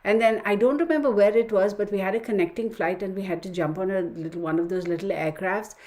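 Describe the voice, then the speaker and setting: A middle-aged woman hosting a tarot livestream, chatting casually with viewers and telling stories in an excitable, chatty way. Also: mid-range voice, quick pace.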